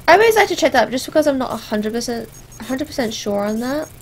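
A woman doing let's play commentary, sarcastic and animated, talking back at the characters on screen. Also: sits high, quick pace, slight background noise, rough recording. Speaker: gameplay commentator.

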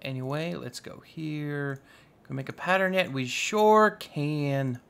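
A young man giving casual, goofy let's-play commentary, chatting excitedly with his viewers. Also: on the high side, measured pace, gravelly, clear, resonant tone. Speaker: gaming YouTuber.

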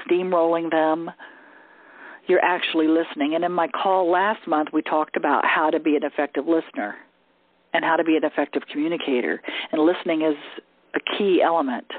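A woman's voice: fairly low pitch, no room sound. A woman coaching a group over a call, talking in an easygoing way and checking in with "okay?". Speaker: communication coach. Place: lives in the southern US. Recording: tinny phone-line sound.

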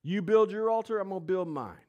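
A man's voice: high voice, lively intonation, fairly quick, darkish tone, voice pushed up. A man voicing a brash male prophet who taunts his rivals in slangy, swaggering speech. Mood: challenging.

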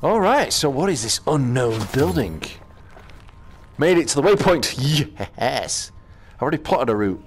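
A British man casually commenting as he plays a VR game, chatting to himself with quick exclamations. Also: medium pitch, sing-song, slight background noise. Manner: chatty, talks to himself while playing, exclamations. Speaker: gaming channel host.

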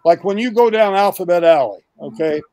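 An older man speaking as a guest on a video call, pitching his educational project with animated, emphatic lists and frequent restarts. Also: a little fast, dry recording.

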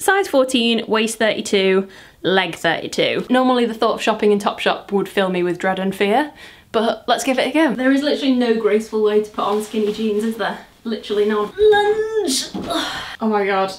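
A woman's voice: on the high side, roomy sound. A young woman vlogging casually as she struggles into clothes, chatty and self-mocking, exclaiming and groaning, at times out of breath. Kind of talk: casual try-on vlog.

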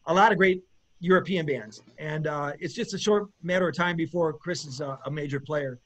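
Male musician guest, high-pitched, rambling and gushing, filler-heavy. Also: moderate pace, a bit bright. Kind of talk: casual interview chat.

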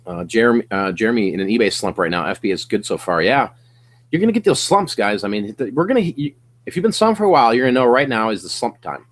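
A middle-aged man with a fairly low voice and quick pace hosts a casual livestream from his home office. He coaches resellers with an energetic, slangy pep talk.

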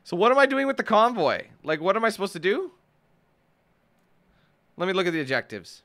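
A young man commentating on a game he is playing, excitable and cursing at it. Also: high voice, a little fast, long pauses. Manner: excitable, swears and yells at the game. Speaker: let's play gamer. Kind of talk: gameplay commentary.

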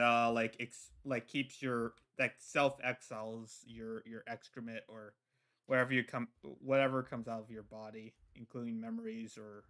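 A man roleplaying lore in casual chat, halting with many fillers and restarts. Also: medium pitch, pushed and bright, clear, resonant tone. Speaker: lore roleplayer playing a god figure.

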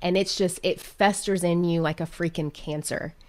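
A woman's voice: lowish voice, steady tone, normal speed. A woman in her thirties, a podcast guest and business coach, telling a personal story in an earnest, candid way. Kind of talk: casual interview chat.

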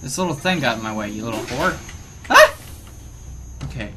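A young man around twenty recording let's play commentary on a headset, excitable and given to loud, swearing outbursts of frustration. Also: mid-range voice, fast talker, very noisy. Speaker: gaming video host. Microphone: gaming headset. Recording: music playing underneath. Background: background music.

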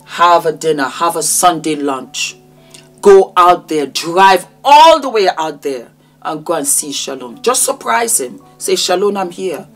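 A woman in her fifties giving impassioned commentary, speaking straight to the person she is talking about in an emotional, preachy way. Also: lowish voice. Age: 50s. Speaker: vlogger commenting on celebrity news. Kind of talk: impassioned direct-address commentary.

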